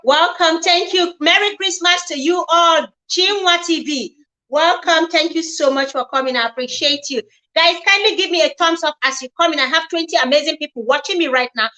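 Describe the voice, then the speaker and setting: A woman hosts a casual livestream, talking in a high, lively register. Her tone is bright and forceful as she reads posts aloud and comments on them. She keeps greeting her viewers by name. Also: normal speed, poor audio. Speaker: livestream host.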